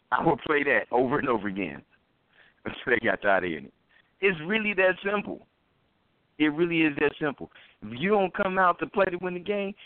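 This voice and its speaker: A man's voice: medium pitch, no echo. A man co-hosting a casual sports talk show, earnest and repeating his points for emphasis. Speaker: podcast co-host. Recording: dry, phone-like line.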